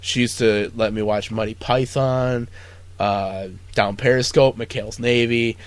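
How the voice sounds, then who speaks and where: A man's voice: medium pitch, steady tone, unhurried, dry recording. Rambling, profane male podcast host. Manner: rambling, profane, lots of fillers. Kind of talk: casual chat.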